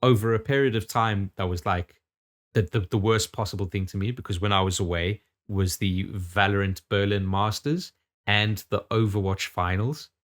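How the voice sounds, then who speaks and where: A man's voice: fairly low pitch, normal speed. A man in his thirties from the UK, co-hosting a casual podcast chat, rambling with lots of restarts and casual swearing. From United Kingdom. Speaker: podcast co-host.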